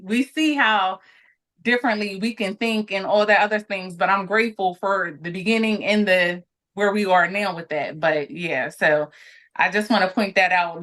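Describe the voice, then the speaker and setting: A woman in her late thirties, a podcast guest, talking candidly and reflectively in relaxed conversation. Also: fairly low pitch. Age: 30s.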